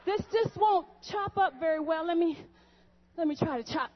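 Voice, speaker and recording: High-voiced woman hosting a comic cooking show. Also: normal speed, over loud music. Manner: chatty, jokey, talks to viewers. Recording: dull lo-fi recording.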